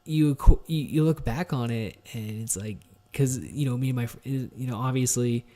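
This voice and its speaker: A male solo podcaster in a medium-pitched voice, talking loosely and candidly. He swears freely and piles on fillers, false starts and repeated words as he reflects on his life. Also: normal speed, dark tone. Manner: rambling, profane, heavy on fillers and restarts; candid and introspective. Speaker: podcast host.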